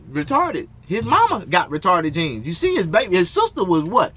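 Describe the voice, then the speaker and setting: A man with a high, bright voice that leaps around as he rants. He curses constantly and rambles from one complaint to the next, hosting his own talk show from inside his motorhome. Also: wildly swooping pitch, normal speed. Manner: profane, rambling rant with frequent cursing. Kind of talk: solo ranting talk show.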